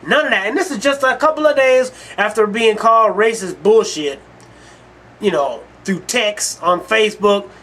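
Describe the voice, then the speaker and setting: A man's voice: high voice, normal speed, bright, forceful tone. A man hosting his own online show, delivering a heated, profane ranting monologue and telling stories. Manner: heated, cursing, storytelling.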